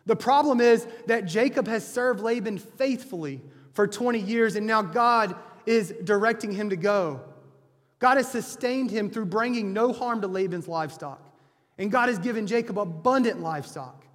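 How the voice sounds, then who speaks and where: A man delivers a sermon in a high, light voice, telling the story in a loose, conversational way. He often backs up and restarts his phrases. His voice rings out with a long reverb, as in a big hall. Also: moderate pace. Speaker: preacher. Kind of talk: sermon retelling a scripture story.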